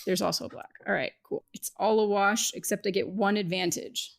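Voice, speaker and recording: A woman playing a tabletop game, relaxed and casual, thinking aloud about her character's moves. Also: medium pitch, a little fast, vocal fry. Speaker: player.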